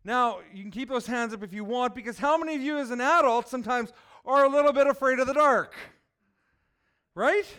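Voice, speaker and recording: A man with a high, smooth voice preaches a sermon. He keeps it lively and asks his listeners questions. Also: a little fast. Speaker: children's preacher.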